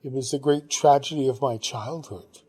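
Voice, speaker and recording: A man reading an audiobook, voicing a genteel older Englishwoman who chats fondly about her childhood with brisk, upper-class exclamations. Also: medium pitch, mellow, slightly rough, close to an everyday voice. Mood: reminiscing. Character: genteel older Englishwoman, chatty and fond of the past.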